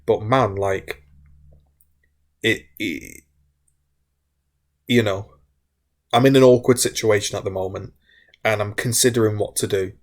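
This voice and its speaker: A man's voice: lowish voice, steady tone, measured pace, long pauses. A man, a gaming content creator, talking candidly to his viewers, wound up and frustrated, rambling with repeated restarts. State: wound up, hiccuping. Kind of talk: candid talk to camera.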